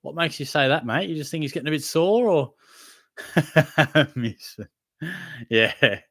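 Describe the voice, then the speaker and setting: A man's voice: on the high side, expressive, unhurried, fairly bright tone, no echo, clean studio sound. A young man hosting a casual live Q&A, reading out viewers' questions and answering them in a laid-back, matey way. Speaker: livestream host answering chat questions.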